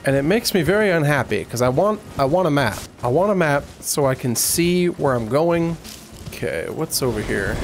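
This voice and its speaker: Animated man yelling over game music. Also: medium pitch, a little fast. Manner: exasperated, shouts at enemies on screen. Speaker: gaming video host. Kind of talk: let's play commentary.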